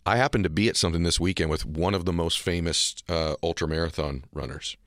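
Deep-voiced enthusiastic male host, dry sound. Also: quick pace, fairly bright tone, no echo. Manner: enthusiastic, chatty storyteller who addresses listeners directly. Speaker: podcast host. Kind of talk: casual interview talk.

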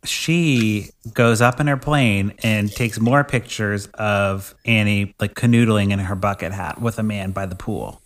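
A young man co-hosting a casual podcast chat, retelling a movie plot in a relaxed way, with a lot of "like". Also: lowish voice, unhurried, few pauses. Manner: relaxed storyteller, full of "like". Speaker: podcast co-host.

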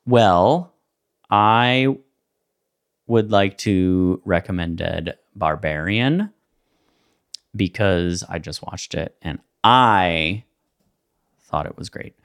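A man's voice: sits low, expressive, drawn-out words, pauses often. A man co-hosting a podcast in casual, rambling chat, loose and full of fillers. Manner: laid-back, rambling with many fillers and laughs. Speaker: podcast co-host.

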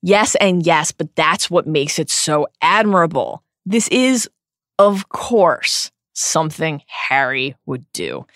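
A woman's voice: low voice, very animated, slow pace, fairly bright tone, no room sound, studio quality. A woman co-hosting a podcast, recapping a novel with earnest, openly emotional commentary. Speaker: podcast co-host. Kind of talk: recapping a book chapter by chapter.

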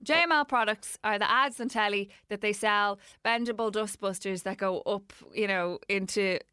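An Irish woman in casual conversation, telling lively stories about her airline job and her television habits. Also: mid-range voice, clear, resonant tone, no room sound. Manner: animated storyteller, quick asides. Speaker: podcast guest, former airline worker. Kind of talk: casual chat.

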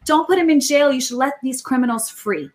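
A woman's voice: high voice, a little fast. A woman telling a story animatedly as a podcast guest, with many restarts. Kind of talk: casual chat, storytelling.

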